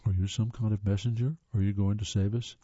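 A man's voice: on the low side, little pitch movement, fairly quick, warm tone, slightly rough, no room sound. A man voicing an anxious, hopeful woman castaway who speaks urgently. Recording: dull dry lo-fi audiobook.

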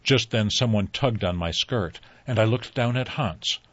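Male storybook reader, low and husky, measured; dry, dull lo-fi recording. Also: no echo. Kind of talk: reading a folktale aloud.

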